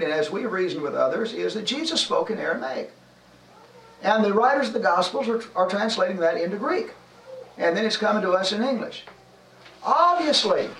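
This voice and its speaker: A man's voice: high voice, a bit bright, a little hiss or hum. A man teaching a Bible class, explaining his point with examples and rhetorical questions. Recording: roomy sound from far off with faint ambience.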